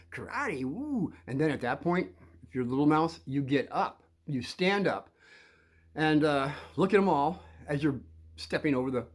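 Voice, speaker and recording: A man giving rambling advice to children about bullies, acting out scenes and bursting into loud quoted lines. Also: medium pitch.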